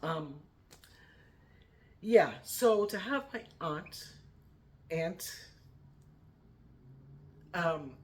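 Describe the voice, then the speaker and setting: A woman's voice: mid-range voice, slight background noise. Middle-aged woman, vlogger, heartfelt, emotional, close to tears. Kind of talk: personal tribute to a family member.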